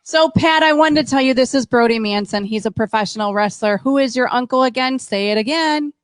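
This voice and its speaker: Bubbly lady host, kinda high voice, super dry close sound. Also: a little fast, no echo. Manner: gushing, upbeat. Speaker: show host. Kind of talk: casual chat.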